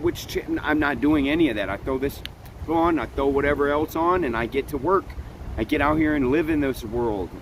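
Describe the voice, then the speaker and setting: A man's voice: mid-range voice, low-quality recording. A man gives an earnest motivational talk straight to his viewers, with frequent laughs between points. He is recorded outdoors, with faint wind and background noise under his voice. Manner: earnest, preachy, laughs often. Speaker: vlog host. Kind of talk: motivational live-stream talk.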